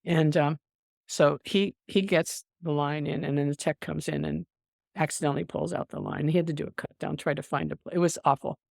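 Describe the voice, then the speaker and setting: An older woman with a gravelly, creaky edge tells stories in a close, dry recording. She is an animated storyteller, laughing as she goes and restarting her sentences as a veteran nurse guesting on a podcast. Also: low-pitched, a little fast, no room sound. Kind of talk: casual storytelling interview.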